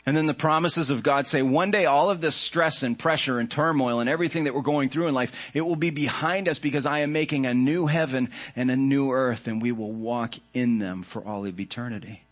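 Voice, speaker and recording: Man, pastor, sermon, earnest, reflective, measured phrasing, medium pitch.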